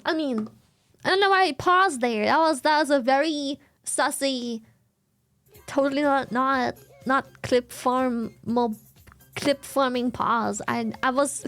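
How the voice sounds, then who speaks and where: A woman's voice: high voice, a bit bright. Giggly German-accented young woman streamer. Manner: giggly, laughs often; chatty, thanks viewers repeatedly. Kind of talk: casual stream chat.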